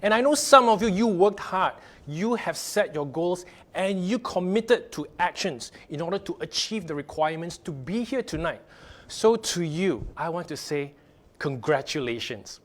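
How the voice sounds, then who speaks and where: High-voiced upbeat male sales trainer. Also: animated, moderate pace, fairly bright tone. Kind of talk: motivational training talk.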